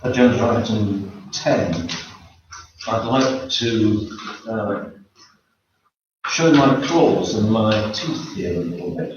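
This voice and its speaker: A man speaks slowly and deliberately, addressing a council meeting from the public seats. He sits well back from the microphone in a hard, echoey room, and the sound is dull with a faint hiss underneath. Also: fairly low pitch, recorded from a distance. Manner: measured and deliberate, with hesitant fillers. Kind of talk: formal public comment at a meeting.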